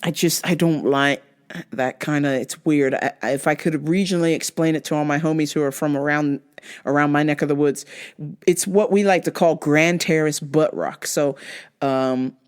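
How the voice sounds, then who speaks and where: A woman's voice: deep voice, fairly even intonation, moderate pace, clear, resonant tone. A young woman hosting a podcast, ranting casually with lots of profanity and mocking voices. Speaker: podcast host. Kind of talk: casual rant monologue.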